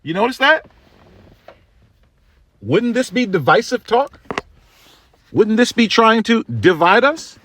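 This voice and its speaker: A man's voice: high voice, sing-song, slow, pauses often, a bit bright, slight background noise. A man from the United States hosting his own show, delivering a blunt, slangy opinion rant. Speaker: show host. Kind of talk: opinion commentary monologue.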